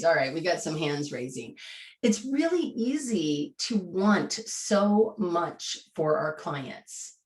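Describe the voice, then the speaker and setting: A woman leads a coaching workshop in an animated, conversational way, acting out the questions she would put to a client. Her voice sits a little low, and it carries a roomy echo. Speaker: coaching trainer. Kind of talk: live online coaching workshop.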